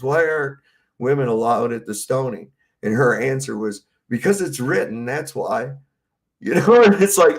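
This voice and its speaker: A man chatting casually on a livestream, swearing freely, laughing often and acting out movie scenes. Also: medium pitch.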